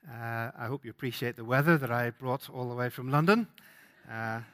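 A man's voice: medium pitch, normal speed, fairly bright tone. A man with a Northern Irish accent, giving a sermon as a guest preacher in a conversational way, with frequent fillers and restarts. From Northern Ireland.

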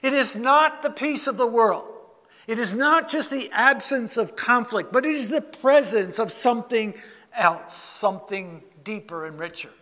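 A man preaches slowly and gently, drawing listeners into a guided meditation with soft, hushed stretches. His voice sits high and unhurried. The sound carries the long reverb of a church sanctuary. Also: lively intonation. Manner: slow guided imagery, soft hushed passages. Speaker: pastor. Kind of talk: sermon.

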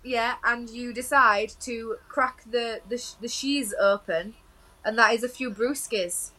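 A woman's voice: on the high side, a little slow, pushed and bright. A woman co-hosting a podcast in casual chat, giggly and often restarting her sentences. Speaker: podcast co-host.

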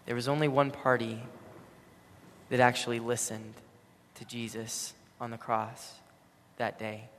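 A man preaching a sermon, telling a story with dramatic swings between loud and hushed. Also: medium pitch, flat delivery, measured pace, slight background noise. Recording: long hall reverb.

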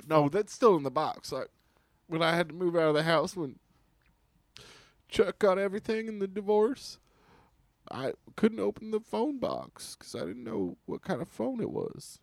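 A man playing a timid, newly divorced woman who talks in halting, apologetic bits in an improvised comedy sketch. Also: high-pitched, very animated, vocal fry, no echo, heavily acted. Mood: confused.

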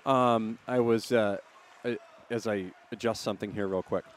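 A man's voice: fairly even intonation, normal speed, slight background noise. A man hosting a sports radio show, rambling through stories with lots of laughter. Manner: rambling storyteller, laughs a lot, squeaky impressions. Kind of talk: casual sports radio banter.

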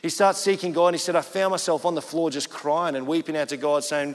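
A man's voice: fairly high pitch, steady tone, fast, in a large hall. A pastor preaching a sermon, telling stories in a conversational way and acting out the people he quotes.

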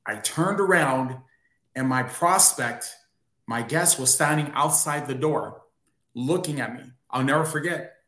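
A man's voice: medium pitch, measured pace, pushed and bright. A man, a guest on a talk show, earnestly telling a personal story. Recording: roomy echo on his voice.

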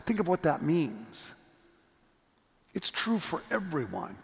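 Gravelly-voiced male pastor in a reverberant church. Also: fairly high pitch, very animated, takes it slowly. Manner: storytelling, earnest, emphatic refrains. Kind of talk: sermon. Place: church sanctuary. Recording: long reverb of a church hall.

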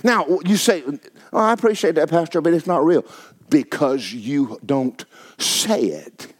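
A man preaching, his fairly high voice swooping up and down as he hammers phrases home. He sounds middle-aged, folksy and emphatic from the pulpit. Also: expressive, measured pace. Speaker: pastor. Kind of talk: sermon.

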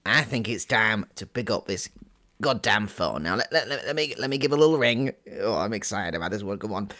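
A man's voice: on the low side, expressive, a little fast, sharp tone. A man hosting an improvised comedy show, stammering and blustering as he talks. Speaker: comedy podcast host.

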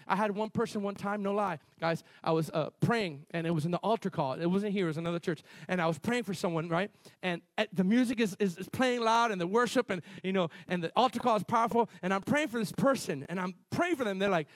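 Male pastor preaching, high-pitched and lively, restarts lines, dry close recording. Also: quick pace, few pauses, no room sound. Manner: animated storytelling, shifting between loud emphasis and quiet asides; repeats and restarts phrases, calls on the congregation. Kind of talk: sermon.

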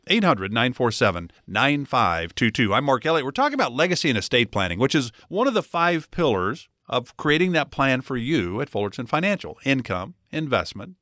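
A man hosting a financial radio show, his pitch moving a lot as he chats. The sound is dry and close, with no room around it. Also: a bit bright, dry recording. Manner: conversational, repeats phone number for callers.

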